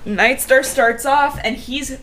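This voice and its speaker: A woman's voice: high-pitched, slow pace, a bit bright. A young woman co-hosting a podcast, recapping a book in casual chat, laughing often and swearing casually.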